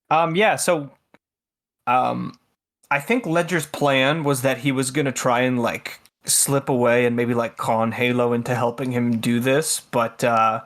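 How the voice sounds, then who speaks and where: A man's voice: medium pitch, unhurried, a bit bright. Casual man playing a tabletop game. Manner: casual, rambling with fillers. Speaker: player.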